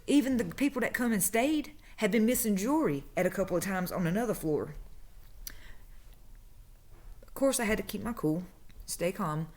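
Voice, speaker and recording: A woman's voice: mid-range voice, animated, moderate pace, pauses often, darkish tone. A woman, casually telling a story about her old job and acting out the people she quotes. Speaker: vlogger telling a work story.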